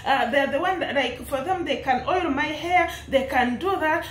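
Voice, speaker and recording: A young East African woman lectures at an unhurried pace, her high voice leaping up and down as she preaches. She laughs often between her scolding lines, and the sound bounces around an echoey room. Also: lively intonation. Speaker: vlogger commenting on a public dispute. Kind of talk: impassioned commentary.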